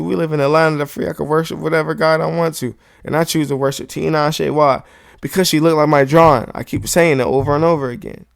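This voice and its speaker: Male podcast host, raised gravel-edged voice, dry close sound, heated and profane. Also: fairly high pitch, no echo. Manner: heated, profane, repetitive insistence. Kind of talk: podcast monologue rant. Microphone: studio microphone.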